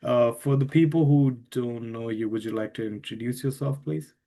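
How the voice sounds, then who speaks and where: A man hosting a casual podcast, with a voice of middling pitch. He asks his questions hesitantly, filling gaps with "uh" and stopping to restart. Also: moderate pace, gravelly, mellow. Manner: hesitant, lots of fillers, encouraging. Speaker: podcast host.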